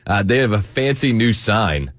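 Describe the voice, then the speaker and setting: A man co-hosts morning radio, dropping dry, teasing lines. His low voice moves over a wide pitch range, and the mic sound is dry and close with no room echo. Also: lively intonation, normal speed, a bit bright. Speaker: radio co-host. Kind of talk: casual morning radio banter.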